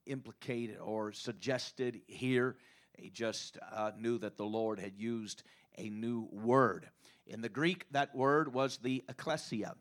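A man preaching a sermon as pastor, halting often with fillers and repeating his phrases. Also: mid-range voice.

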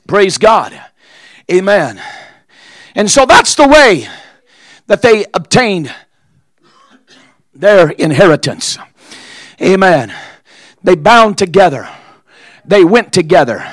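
A man preaching a sermon as pastor, impassioned, with frequent "uh" fillers between shouted phrases. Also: high voice, very animated, slow, long pauses, dry recording.

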